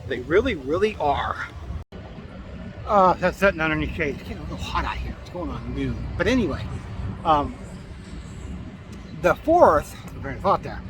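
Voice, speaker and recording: A man's voice: on the high side, very animated, moderate pace, long pauses, background noise. Ranting man outdoors. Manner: grumbling, sarcastic ranting. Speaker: vlogger. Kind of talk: casual outdoor vlog rant. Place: outdoors in a town, near traffic.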